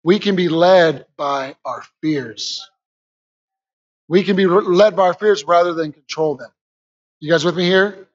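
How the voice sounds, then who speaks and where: A man preaching a lively sermon to a church congregation, calling out to them and rising to shouts. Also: on the high side, unhurried, dull audio. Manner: energetic, call-and-response with congregation, rises to shouts.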